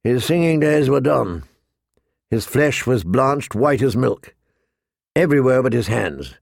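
A man narrating an audiobook in a slow, measured reading. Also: mid-range voice, sing-song, vocal fry, no room sound, studio quality.

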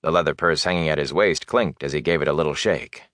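A man reading a fantasy novel aloud as narrator, in a measured, steady storytelling manner. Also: rumbling low, no room sound, clean studio sound. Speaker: audiobook narrator.

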